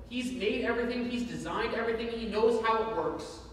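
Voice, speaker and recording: A man preaches a sermon in an earnest, emphatic way, returning again and again to one point. His voice sits high for a man. He is recorded from a distance in a church hall with heavy echo and faint background noise. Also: fairly quick, hardly any pauses. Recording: echoey hall from far off.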